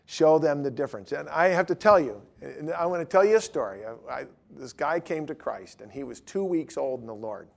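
A middle-aged man telling stories in casual talk, swinging from loud emphatic lines to low mumbled asides. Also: animated, a little fast, vocal fry, few pauses.

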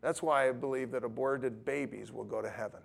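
A man teaching a Bible study who reads scripture aloud and talks haltingly, with many restarts. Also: medium pitch, steady tone, creaky.

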